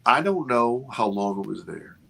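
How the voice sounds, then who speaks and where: A man over fifty, an interview guest, telling a story with expressive, restarting speech. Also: mid-range voice, normal speed, creaky. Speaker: interview guest, film producer. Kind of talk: animated storytelling in a casual interview.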